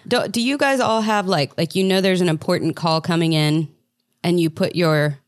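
A woman's voice: lowish voice, normal speed, no echo, studio quality. A woman joining a podcast in casual chat, curious and asking questions.

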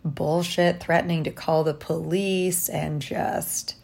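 Woman, low-pitched, slow, halting, exhausted, diary-style vlog. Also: little pitch movement, gravelly. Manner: reflective, halting, soft-spoken. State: tired and sleep-deprived. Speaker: vlogger. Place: hotel room.

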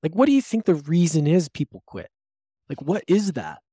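Lively, enthusiastic male podcast host. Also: fairly high pitch, moderate pace, slightly rough, no echo, studio quality. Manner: enthusiastic, affirming, asks questions. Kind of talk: casual podcast conversation.

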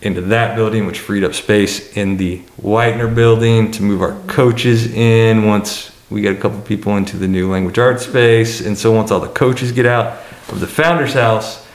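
A man's voice: on the low side, moderate pace, roomy sound. A man who works as a college administrator, answering questions on a panel in a hesitant way, with many fillers and restarts.

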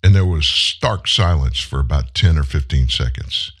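A man in his seventies hosting a show, telling a personal story in an earnest, heartfelt way and pausing for emphasis. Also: extremely low pitch, a bit bright, breathy edge. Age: 70s. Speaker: show host. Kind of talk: personal monologue on a live commentary show.

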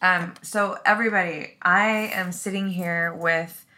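A woman's voice: fairly low pitch, steady tone, unhurried, pushed and bright. A woman hosting a podcast in casual chat, effusive and gushing, swearing freely as she talks. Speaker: podcast host.

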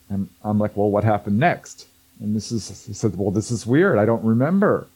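A man's voice: fairly low pitch, expressive, normal speed, darkish tone, husky, rough recording. A man telling a story in casual conversation as a guest, acting out quoted voices and laughing often. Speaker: guest, researcher of contact stories.

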